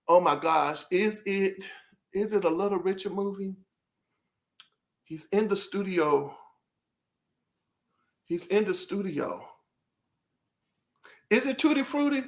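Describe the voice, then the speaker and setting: A man's voice: high voice, lively intonation, slow pace, pauses often, a bit bright. A man hosting a casual album review, rambling and interrupting himself, often breaking into laughter and apologizing as he talks straight to his viewers. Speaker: music reviewer host.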